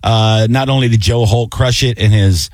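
A man's voice: moderate pace, dry recording. A man hosting a radio after-show, chatting loosely in the studio. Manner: loose and chatty, breaks into excited high-pitched impressions. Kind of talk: casual studio banter.

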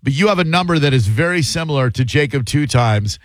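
A man's voice: fairly high pitch, expressive, a little fast, dry recording. A man hosting a call-in radio show, talking in a wry, joking and opinionated way into a studio microphone.

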